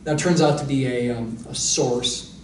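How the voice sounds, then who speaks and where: A man's voice: mid-range voice, a little slow, recorded from a distance, noisy background. A man lecturing on mathematics, explaining step by step and thinking aloud with asides. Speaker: math lecturer. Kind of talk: recorded university lecture. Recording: echoey room, voice a little off-mic.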